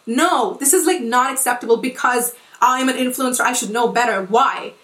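A woman's voice: a little high, normal speed, a bit bright, recorded from a distance. A woman in her twenties ranting in casual podcast talk, emphatic and profane, full of likes and restarts. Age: 20s. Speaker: podcast host and influencer. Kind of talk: heated casual rant. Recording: roomy echo.

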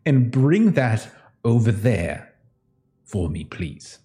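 A man running a tabletop game as game master, narrating scenes and voicing characters with a relaxed, chuckling manner. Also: mid-range voice, slow pace.

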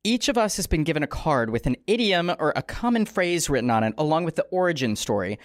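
A woman hosting a comedy podcast in a studio, with a raspy, strained throat, telling a story in a playful, rambling way full of asides. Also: low voice, big pitch swings, fast talker, no room sound. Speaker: podcast host.

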